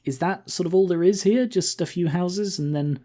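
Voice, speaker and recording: A man's voice: sits high, normal speed, warm tone. A man hosting a let's-play, chatting casually and thinking aloud as he plays. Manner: rambling, thinks aloud with fillers and asides. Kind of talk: casual game commentary.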